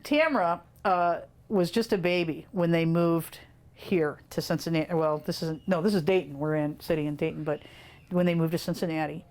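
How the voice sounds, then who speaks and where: A woman telling fond family stories in an interview, animated and laughing often as she recalls them. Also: low voice, normal speed. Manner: animated, laughs often, quotes children in dramatic voices. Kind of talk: casual storytelling in an interview.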